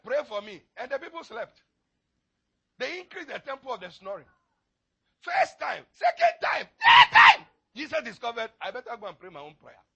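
Impassioned high-voiced preacher man, raspy. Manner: impassioned preaching, swinging from low murmurs to crying shouts. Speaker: pastor. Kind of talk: sermon.

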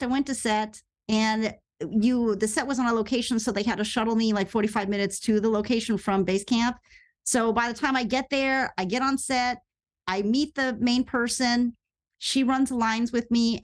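A woman telling a story as a guest on an interview podcast, lively and quick, acting out the voices of people she quotes. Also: on the high side. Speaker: actress and radio host guest.

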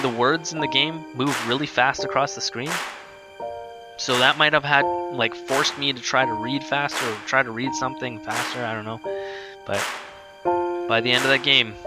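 A man's voice: medium pitch, steady tone, moderate pace, loud music behind the voice. A man casually telling a personal story in a rambling way, full of "like"s and restarts. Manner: rambling, filler-heavy with many "like"s. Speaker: guest telling his story.

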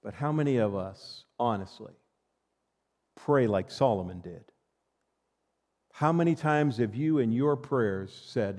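A man's voice: mid-range voice, lively intonation, unhurried, pauses often, a little mellow, long reverb tail. Emphatic male pastor preaching. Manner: emphatic, reading scripture and addressing the congregation. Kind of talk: sermon.

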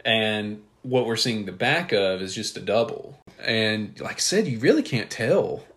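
A man's voice: lowish voice, expressive, measured pace, a bit bright. A man co-hosting a casual movie podcast, chatty and laughing often as he recaps scenes. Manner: chatty, laughs often, acts out film lines. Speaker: podcast co-host.

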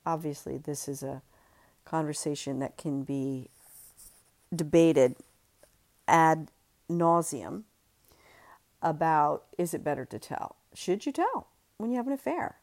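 A woman's voice: low voice, lively intonation, slow pace, pauses often, darkish tone. Chatty woman teaching writing. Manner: chatty, reflective, with fillers and asides. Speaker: writing teacher and podcast host. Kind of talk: casual talk on writing craft.

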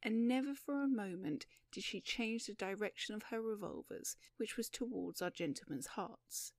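A woman voicing a brief, plain-spoken gentleman in an audiobook. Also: medium pitch, moderate pace, no room sound, studio quality, natural voice. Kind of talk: audiobook reading.

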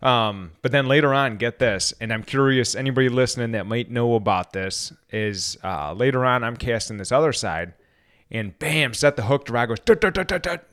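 Speaking at a moderate pace with a medium-pitched voice, a man co-hosting a podcast spins a story in relaxed conversation. He tells it animatedly, acting out the lines he quotes.

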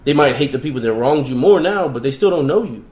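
A man's voice: medium pitch, lively intonation, fast talker, a little mellow. Blunt, profane man in an echoey room. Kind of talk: casual chat.

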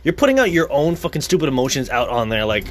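A man's voice: mid-range voice, sing-song, quick pace, slight background noise. A young man talking casually, blunt and profane, in a heated rant.

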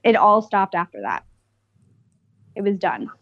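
A woman co-hosting a podcast, telling a personal story in a lively way and acting out the voices she quotes. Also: medium pitch, measured pace, no room sound, dull audio. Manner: animated, acts out quoted voices. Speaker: podcast co-host. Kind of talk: casual storytelling chat.

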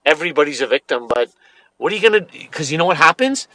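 A man co-hosting a casual podcast, reacting with loud exclamations and big laughs. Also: fairly high pitch, fast, no room sound, low-quality recording. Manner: animated, exclaiming and laughing loudly. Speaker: podcast co-host.

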